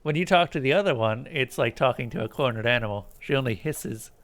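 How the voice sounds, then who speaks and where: A man streaming a video game, reading its narration aloud quietly and adding casual asides. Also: mid-range voice, brisk. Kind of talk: let's play, reading game text aloud.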